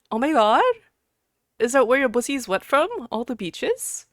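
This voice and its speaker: A woman streaming live, chatting casually with viewers, giggling and breaking into loud outbursts, then muttering to herself while she clicks around. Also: on the high side, expressive, unhurried, dry recording, studio quality.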